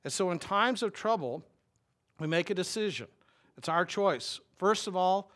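A man preaching a sermon in a slightly higher voice than most men. He talks in a wry, conversational way, often turning to his listeners with a question. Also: animated, normal speed, a bit bright. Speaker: pastor.

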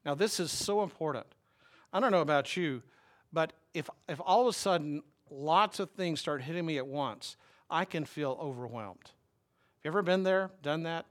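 A man preaching a sermon in a slightly higher voice than most men. He talks in a wry, conversational way, often turning to his listeners with a question. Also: normal speed. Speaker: pastor.

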